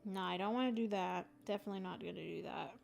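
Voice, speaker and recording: A woman's voice: medium pitch, quick pace, creaky. A young woman hosting a livestream, thinking aloud as she plays a board game and chatting casually with her viewers. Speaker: livestream host playing a solo board game.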